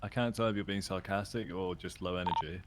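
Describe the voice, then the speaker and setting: A man's voice: sits low, steady tone, quick pace. A man playing a police officer in a game roleplay, chatting casually and teasing his partners. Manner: joking and teasing. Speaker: fellow police roleplay player.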